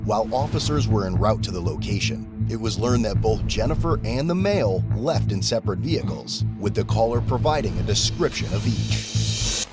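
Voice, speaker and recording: A man narrating a true-crime case in a clear, steady scripted delivery. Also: lowish voice, normal speed. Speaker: channel host and narrator. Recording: narration over loud background music.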